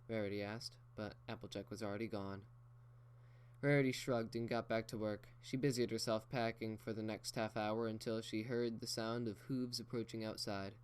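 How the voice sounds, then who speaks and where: A man reading a fan fiction story aloud in a slow, measured way. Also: on the low side, fairly even intonation, smooth. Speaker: reader.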